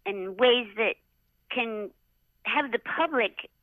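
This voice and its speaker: A middle-aged woman and former jockey telling stories in a casual interview, animated, acting out others' lines and saying "like" often. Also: a little high, takes it slowly, no echo. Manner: animated, acts out others' lines with many "like" fillers. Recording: dull lo-fi audio.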